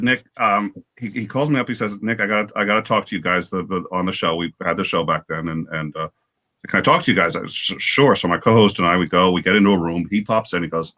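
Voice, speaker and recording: Animated man with a bright voice. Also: on the low side. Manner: animated, halting with many restarts. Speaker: guest on a livestream panel. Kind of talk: casual storytelling chat.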